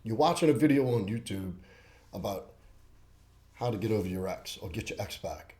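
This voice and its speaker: A man's voice: on the low side, expressive, moderate pace, warm tone. A man hosting his own self-help video, talking bluntly and coaching the viewer, often repeating words for emphasis. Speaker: host. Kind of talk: self-help talk to camera.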